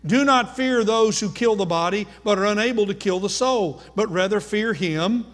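A man's voice: high voice, moderate pace, a bit bright. A man preaching a sermon, emphatic, repeating key phrases for stress. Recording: long hall reverb.

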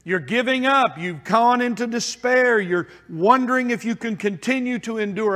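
Male preacher, earnest and pleading, high voice, long hall reverb. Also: normal speed, few pauses, a bit bright. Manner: earnest, pleading, with emphatic repetitions. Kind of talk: sermon.

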